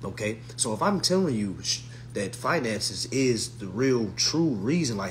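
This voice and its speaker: A man giving an emphatic, casual rant to camera, swearing and swinging from hushed to loud. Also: medium pitch, lively intonation, fairly quick, slight background noise. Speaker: vlogger.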